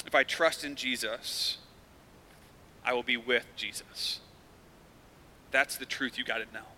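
A man preaching a sermon as the pastor, talking casually and swinging from hushed lines to loud bursts. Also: mid-range voice, fairly even intonation, slow, long pauses, slight background noise, low-quality recording.

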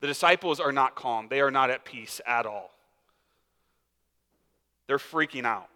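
Casual male pastor, bright and slightly high voice, conversational preaching, reverberant sanctuary. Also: measured pace. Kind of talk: sermon.

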